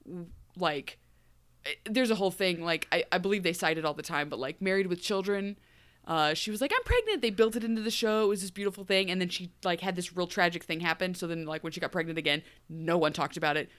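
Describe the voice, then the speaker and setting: Rambling, animated woman podcast host. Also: lowish voice, fast talker, clear, resonant tone. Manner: animated, rambling, acts out quoted lines. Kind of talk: casual TV recap chat.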